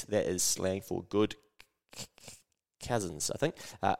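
A man with a New Zealand accent hosting a podcast, telling a story in a slangy, animated way and swearing casually. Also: sits low, unhurried, vocal fry, pauses often, long reverb tail. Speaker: podcast host.

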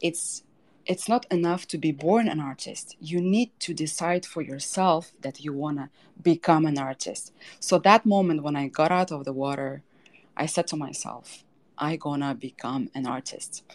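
Low-voiced woman telling a personal story. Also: normal speed. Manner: emotional storytelling, fillers and restarts. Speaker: guest artist. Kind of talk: personal story in a podcast interview.

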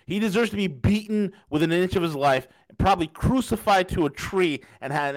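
A man hosting a political podcast, ranting angrily with profanity and repeating himself. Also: on the high side. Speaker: podcast host. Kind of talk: angry political monologue.

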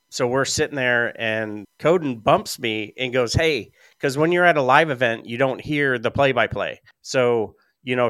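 Smooth-voiced man telling rambling stories. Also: medium pitch, fairly bright tone, no echo. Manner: rambling storyteller with frequent fillers. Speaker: podcast guest. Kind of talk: casual chat.

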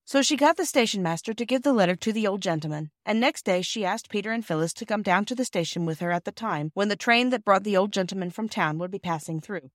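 A woman reading a classic children's novel aloud in a gentle storytelling manner. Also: medium pitch, expressive, fast talker, few pauses, no echo, studio quality. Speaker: audiobook reader. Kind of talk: scripted narration.

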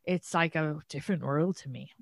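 A woman's voice: low voice, moderate pace, vocal fry, no echo, clean studio sound. An Irish woman hosting a podcast, chatting casually in a rambling way, with lots of "like". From Ireland. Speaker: podcast host. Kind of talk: casual chat.

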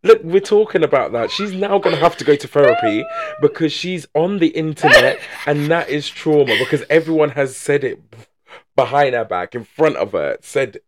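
A man's voice: a little high, expressive, normal speed, slight background noise. A man co-hosting a podcast in casual chat, who chats freely and laughs easily. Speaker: podcast co-host.

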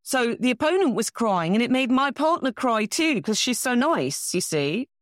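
A middle-aged English woman, a bridge champion being interviewed, telling self-deprecating stories in a casual, animated way. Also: fairly high pitch, normal speed, no room sound, clean studio sound. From England.

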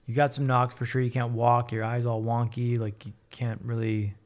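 A man's voice: medium pitch, flat delivery, moderate pace. A man telling his own story as a podcast guest, blunt and upbeat, swearing freely. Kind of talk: casual candid storytelling.

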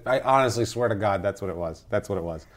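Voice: low-pitched, quick pace. A co-host of a casual podcast, sarcastically ranting about a movie's silly plot and swearing now and then. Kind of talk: casual movie recap chat.

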